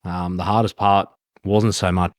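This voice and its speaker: A man's voice: low-pitched, flat delivery, normal speed, no room sound, studio quality. An Australian man, a podcast guest, telling his story in an open, matter-of-fact way. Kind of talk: candid podcast conversation.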